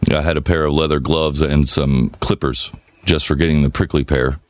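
A man co-hosting a podcast, telling rambling, profane stories in a relaxed, casual way. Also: rumbling low, normal speed, no echo, studio quality. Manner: relaxed rambling storyteller, swears freely. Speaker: podcast co-host. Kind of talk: casual chat, storytelling.

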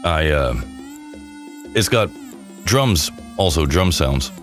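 A man's voice: rumbling low, lively intonation, takes it slowly, fairly bright tone, soft background music. A man co-hosting a podcast, chatting casually in a joking, goofy, rambling way. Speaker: podcast co-host. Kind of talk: casual chat.

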